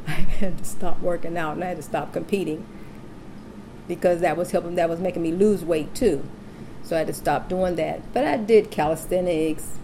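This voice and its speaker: A woman's voice: lowish voice, creaky, a little hiss or hum. A woman casually telling a personal story, acting out the voices of the people she quotes. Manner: animated, acts out quoted voices.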